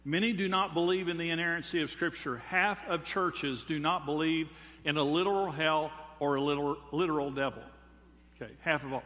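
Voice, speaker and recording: An older man, preaching to his congregation in an emphatic, preacherly way that leans on rhetorical questions. His voice is bright and forceful and rides a little high. A long reverb of a large hall trails behind every phrase. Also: fairly even intonation, a little fast. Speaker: pastor. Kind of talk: sermon.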